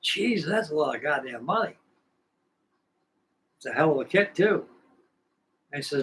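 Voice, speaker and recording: An older man from California with a slightly high-pitched voice hosts a model-building show. He tells long, meandering stories in a casual, salty way, swearing easily as he goes. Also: animated, normal speed, pauses often, fairly bright tone, slight background noise, low-quality recording. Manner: folksy, salty, digressive. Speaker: model-building channel host. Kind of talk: rambling casual storytelling.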